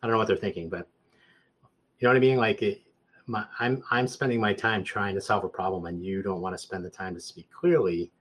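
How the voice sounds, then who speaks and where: A hoarse man chatting casually, rambling and restarting his sentences, getting louder when worked up. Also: lowish voice, fairly even intonation, fairly quick, slight background noise. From Southern Nevada. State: hoarse, clearing throat. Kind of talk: casual chat.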